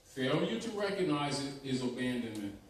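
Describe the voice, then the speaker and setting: A man's voice: medium pitch, sing-song, normal speed. A man giving a teaching lecture, emphatic and repetitive, often checking in with his listeners. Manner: emphatic, repeats points, asks "right?". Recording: echoey room from far off, faint noise.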